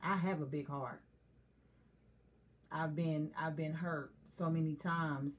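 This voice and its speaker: A woman's voice: low voice, steady tone, slow pace, highs cut off. A woman co-hosting a casual chat who talks candidly and confessionally and often laughs. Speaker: co-host.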